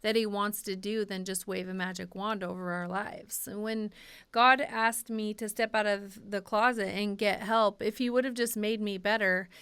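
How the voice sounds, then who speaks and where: A woman's voice: medium pitch, a bit bright, smooth, no room sound. A woman guest on a podcast, speaking earnestly and heartfelt about faith and healing, often repeating words for emphasis. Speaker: podcast guest, author and ministry leader. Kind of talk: earnest faith-based conversation.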